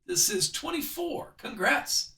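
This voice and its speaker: Bright-voiced man calling a card break. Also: extremely high pitch, very animated, slow, vocal fry, distant mic. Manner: chatty, upbeat, calls out cards as he opens packs. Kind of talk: live card-breaking stream commentary. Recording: echoey room, voice a bit off-mic.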